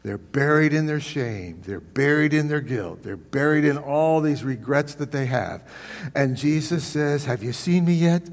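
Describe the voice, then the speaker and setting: A man preaching a sermon, telling folksy stories with lively, animated delivery. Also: medium pitch, measured pace. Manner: folksy, animated storytelling with restarts. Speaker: pastor. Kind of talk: sermon with storytelling. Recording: long hall reverb.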